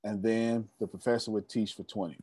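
A man's voice: fairly low pitch, fairly even intonation, fairly quick, a little mellow, breathy edge, no room sound. Emphatic young man preaching to his audience. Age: young adult. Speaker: motivational speaker leading a members' meeting. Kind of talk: motivational storytelling talk.

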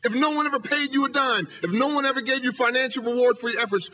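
A man's voice: very high-pitched, fast talker, pushed and bright. A man, a professor, giving an emphatic motivational speech from a podium, hammering home rhetorical questions. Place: lecture hall podium.

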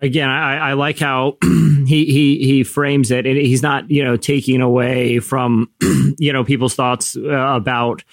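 A man's voice: medium pitch, level tone, measured pace, gravelly, few pauses, no echo. A man hosting a podcast, chatting casually and introducing clips, rambling a little with fillers. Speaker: podcast host.

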